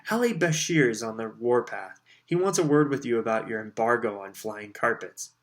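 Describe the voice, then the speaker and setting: A man's voice: mid-range voice, animated, normal speed, close to an everyday voice. A man voicing a stiff, precise elderly official in an audiobook, speaking in a clipped, dry, impatient manner. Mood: curt.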